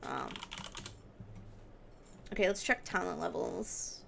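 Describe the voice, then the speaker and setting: A woman's voice: on the low side, expressive, slow pace, vocal fry, a bit bright. A young woman streamer giving casual game advice, thinking aloud with lots of fillers. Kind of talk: casual game guide commentary on a live stream. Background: background music and keyboard typing.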